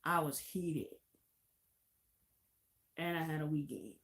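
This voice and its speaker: A woman's voice: deep voice, slow pace. A woman live-stream host casually telling a long anecdote, chatty and laughing easily. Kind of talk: casual storytelling.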